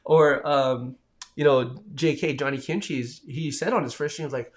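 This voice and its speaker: A man's voice: medium pitch, moderate pace. A man hosting a live stream in a casual, rambling chat, reading out viewer comments and answering them with enthusiasm.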